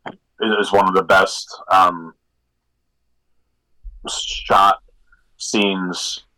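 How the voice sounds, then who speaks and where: A man's voice: deep voice, level tone, drawn-out words, sharp tone, rough recording. A man co-hosting a podcast in casual chat, rambling and digressing with lots of fillers. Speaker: podcast co-host.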